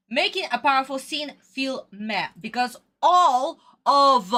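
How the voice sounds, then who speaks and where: A woman's voice: high voice, lively intonation, slow pace, sharp tone. A woman streamer ranting through a casual live reaction to a cartoon episode, exasperated and swearing a lot.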